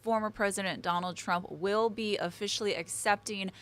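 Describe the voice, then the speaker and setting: A female news anchor reads the headlines in a clear, crisp way. Her voice is mid-pitched for a woman and her delivery is even. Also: normal speed.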